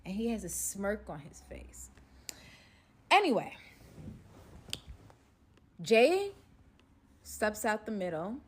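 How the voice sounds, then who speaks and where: A woman recounts a wild story in a casual storytime vlog. Her delivery is animated and full of slang, and she drops into the other people's voices to act out what they said. Her pitch sits in an ordinary middle range. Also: slow, pauses often, husky. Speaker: storyteller vlogger.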